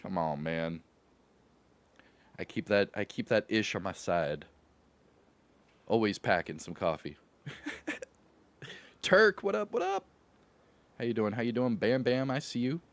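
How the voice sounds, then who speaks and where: A man's voice: fairly low pitch, normal speed, long pauses, no echo. A man from Louisville hosting a gaming livestream, greeting his chat in an upbeat, slangy way and laughing often. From Louisville, Kentucky. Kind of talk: casual livestream chat with viewers.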